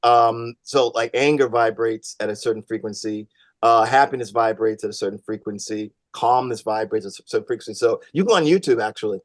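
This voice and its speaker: A man appearing as a comedian guest, joking on a radio panel in a halting way with many fillers. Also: on the low side, no echo. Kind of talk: comic banter.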